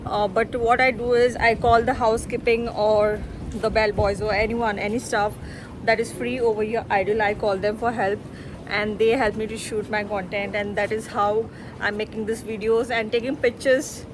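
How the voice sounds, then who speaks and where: A young woman, chatting excitedly to viewers in a casual travel vlog. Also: medium pitch, normal speed, background noise. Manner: chatty and excitable, keeps addressing viewers as guys. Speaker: travel vlogger. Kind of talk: casual vlog talk to camera. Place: resort villa and restaurant in hot weather.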